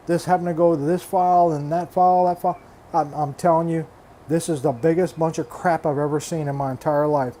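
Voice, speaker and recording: Older man, exasperated rant, swears freely, warm mellow voice, slightly high, faint background hum. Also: steady tone, brisk. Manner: repeats himself, restarts phrases. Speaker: reef aquarium hobbyist vlogger. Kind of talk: frustrated casual rant.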